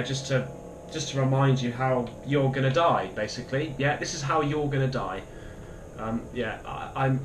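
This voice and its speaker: A man's voice: mid-range voice, a little hiss or hum. A young man panicking and swearing while commentating a horror game, yelping and repeating himself in fear. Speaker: gaming YouTuber. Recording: echoey room with faint ambience.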